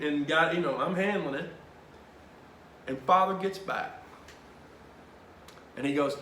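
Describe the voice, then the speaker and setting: A man tells a personal story to his Bible study group, animated and emphatic. His voice sits a bit high and has a forceful, bright edge. It carries a roomy echo over a faint background hum. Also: slow, long pauses.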